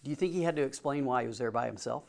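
A man's voice: mid-range voice, very fast, vocal fry, a little mellow. A man teaching a Bible class in a casual way, reading scripture and asking the group questions. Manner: asks the group questions, informal.

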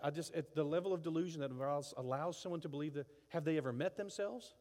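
A man preaching a sermon in an animated way, acting out quoted voices as he goes. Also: fairly high pitch, rapid-fire, big-room sound. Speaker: pastor.

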